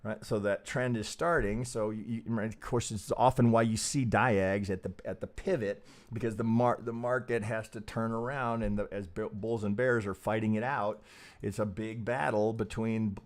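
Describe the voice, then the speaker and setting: Swearing man thinking aloud over charts. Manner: thinks aloud, swears freely, keeps asking "right?"; pitch jumps up when emphatic, drops low and soft when muttering. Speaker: trading educator hosting a live stream. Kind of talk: casual live-stream chart analysis.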